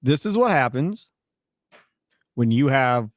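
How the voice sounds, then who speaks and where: Lively, dry-sounding sports radio man. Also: medium pitch, no room sound. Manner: measured, explaining to listeners. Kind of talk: sports talk commentary.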